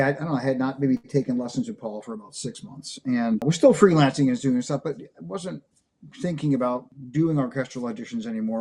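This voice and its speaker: A man's voice: medium pitch, mellow. A man being interviewed, telling long personal stories in a rambling, conversational way, full of fillers and acted-out quotes. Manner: acts out quoted dialogue. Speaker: interview guest, percussion professor. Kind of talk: conversational storytelling.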